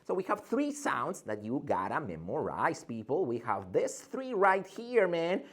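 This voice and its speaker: A male English teacher giving an energetic pronunciation lesson, theatrical and drilling sounds over and over. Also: a little high, measured pace, breathy edge.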